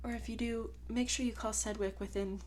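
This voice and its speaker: A woman's voice: fairly high pitch, steady tone, a little fast, very noisy. A woman vlogger in casual confessional chat, rambling and frank, swearing freely as she works through her thoughts. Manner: many fillers and restarts, talks herself through thoughts.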